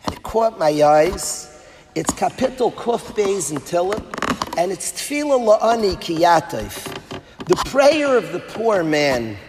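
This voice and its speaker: Rabbi delivering a sermon; man with a high voice, impassioned, hushed-to-loud delivery, long hall reverb. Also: sing-song, measured pace, music in the background. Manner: impassioned, swinging from hushed to loud and sing-song. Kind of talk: sermon to an audience of educators. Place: large hall at an event. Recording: long hall reverb, faint background noise.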